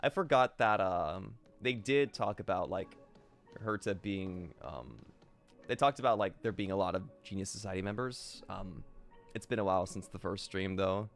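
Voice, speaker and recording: A man's voice: deep voice, moderate pace, faint music behind. A man streaming a game live, thinking aloud and answering chat with many fillers.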